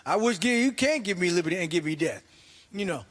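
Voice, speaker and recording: A middle-aged man doing an animated stand-up comedy set, exclaiming and acting out voices. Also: high-pitched, quick pace, in a large hall. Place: church comedy stage.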